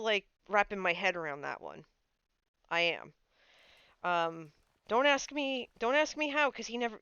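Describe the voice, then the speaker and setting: A woman streamer chats casually while playing a game, telling stories full of fillers. Her medium-pitched voice is a bit bright, with a clear, resonant tone; there's no echo, though the recording is muffled.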